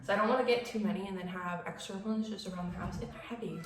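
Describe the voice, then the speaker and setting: A woman's voice: mid-range voice, steady tone, quick pace, slight background noise. A woman in her twenties chatting casually in a vlog, rambling and filling her talk with "like". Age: 20s. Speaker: vlogger.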